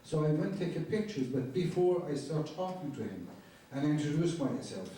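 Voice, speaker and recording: An older photojournalist telling war stories to a lecture audience, in halting phrasing, raising his voice when quoting people. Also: mid-range voice, lively intonation, mellow, a little hiss or hum. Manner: earnest, halting non-native phrasing, quoting dialogue in a raised voice. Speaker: photojournalist giving a talk. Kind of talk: storytelling lecture with slides. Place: university lecture hall. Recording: roomy distant hall recording.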